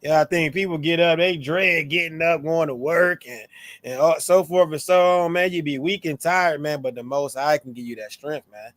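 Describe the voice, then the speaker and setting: A man co-hosting a scripture talk in a relaxed, slangy way, switching into playful tones when he quotes. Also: on the high side, moderate pace, dry recording. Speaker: co-host of a scripture show. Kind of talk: casual religious discussion.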